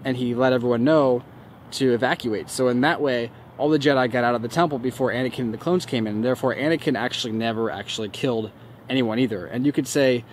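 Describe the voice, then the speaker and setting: A man's voice: medium pitch, fast talker. A man hosting his own channel, chatting loosely and rambling through viewer comments while standing outdoors near a street. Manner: loose and rambling, many fillers. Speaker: YouTube host. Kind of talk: casual talk to camera answering comments. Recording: faint street noise outdoors. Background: faint traffic.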